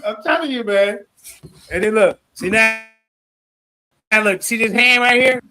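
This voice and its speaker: A high-pitched man calls a debate for his viewers, boastful and full of slang. His voice is bright and forceful, and he talks in quick bursts. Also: faint music behind, rough recording. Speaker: debate commentator. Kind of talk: casual stream commentary.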